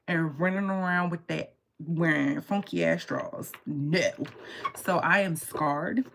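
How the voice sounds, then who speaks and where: Low gravelly woman telling a story. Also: takes it slowly. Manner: animated, profane, laughing as she tells it; holding her voice down so as not to shout. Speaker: tarot reader and livestream host. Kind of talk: casual storytelling on a livestream. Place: home at night with others asleep.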